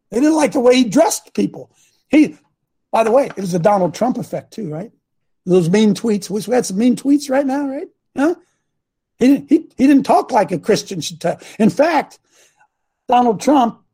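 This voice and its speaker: A man's voice: very high-pitched, warm tone, breathy edge. A man preaching informally to a congregation, blunt and combative, mocking his critics and throwing asides to the room.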